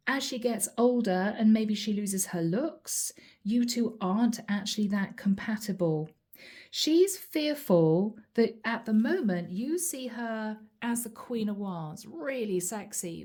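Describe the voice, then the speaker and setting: A woman's voice: fairly high pitch, warm tone. A woman giving a channeled tarot reading, speaking earnestly and straight to the listener, often repeating her questions. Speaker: tarot reader.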